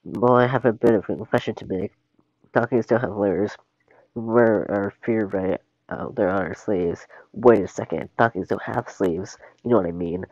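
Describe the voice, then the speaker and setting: A man voicing a chatty, nervous talking male donkey in a solo script reading, rambling on with little pause. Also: fairly low pitch, a little mellow, dry recording. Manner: rambling, jittery, motor-mouthed. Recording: dull lo-fi stream audio.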